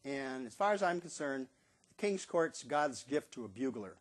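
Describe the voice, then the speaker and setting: A man's voice: mid-range voice, moderate pace. A man in his seventies telling stories in a casual monologue about his years as a stadium bugler, acting out what people said in a raised voice. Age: 70s. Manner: animated storyteller who acts out quotes in a raised voice.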